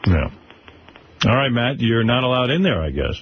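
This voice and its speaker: A man's voice: medium pitch, very animated, moderate pace. A man hosting a radio talk show, bantering wryly with callers and co-hosts. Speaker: radio host. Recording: muffled radio broadcast with faint hiss.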